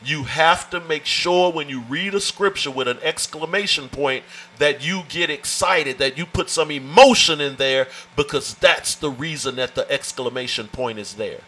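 A man's voice: a little high, moderate pace, pushed and bright, poor audio. A man teaching a Bible study in an emphatic, folksy way, often calling out "watch this" and "amen" to his listeners. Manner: informal, folksy phrasing.

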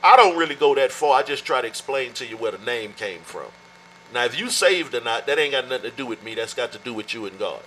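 A man preaching a teaching sermon, animated, slowing down hard to stress key words. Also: medium pitch, a little hiss or hum, rough recording. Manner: teaching, animated with sudden slow emphatic stretches.

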